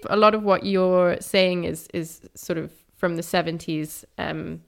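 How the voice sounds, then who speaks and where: A woman hosting an interview speaks in a somewhat low register. She is chatty and candid, sharing personal stories with self-aware laughs before she asks her questions. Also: fairly even intonation, unhurried, creaky. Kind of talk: casual interview talk.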